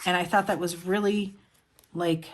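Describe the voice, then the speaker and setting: A woman's voice: lowish voice, steady tone, normal speed, slight background noise. A middle-aged woman chatting casually on her vlog, showing her planners and journals, talking in a heartfelt, rambling way with many fillers. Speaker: planner vlogger. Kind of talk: casual show-and-tell chat.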